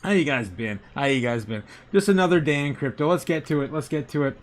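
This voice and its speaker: A man's voice: on the high side, quick pace, soft background music. A man hosting a casual crypto livestream, greeting chat members by name, repeating himself and chuckling often as he reads the charts.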